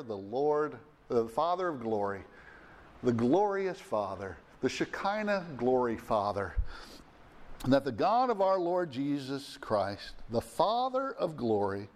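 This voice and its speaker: A man of middle age or older delivers a sermon at a medium pitch. He speaks earnestly, pausing with fillers and restarts. He lifts his voice to stress the points that matter. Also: darkish tone. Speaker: preacher.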